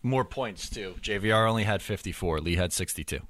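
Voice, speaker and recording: A man's voice: fairly low pitch, a little fast, a bit bright, no echo. A man hosting a casual sports podcast, laid-back and joking as he moves the talk from topic to topic. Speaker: podcast host.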